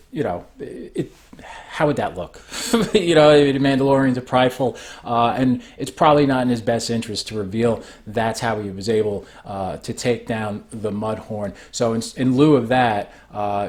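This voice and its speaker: A man giving a casual spoken recap of a show, rambling and often restarting his sentences. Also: medium pitch.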